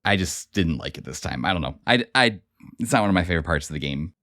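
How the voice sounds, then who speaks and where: A man's voice: low voice, expressive, quick pace, pushed and bright. A man with a Midwestern accent, a guest on a podcast, chatting casually and laughing often. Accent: Midwestern American. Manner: laid-back, laughs often. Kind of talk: casual game chat.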